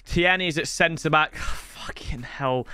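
A young man giving excitable, swear-filled commentary on his football video game, often yelling at the game. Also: fairly high pitch, unhurried, clean tone. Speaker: gaming YouTuber. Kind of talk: let's-play gaming commentary.

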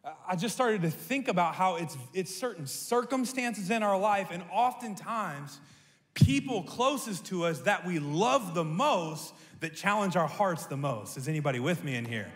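A man preaching a sermon as a pastor, telling a story in an animated, humorous way. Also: high voice, normal speed. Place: church sanctuary. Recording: echoey church hall.

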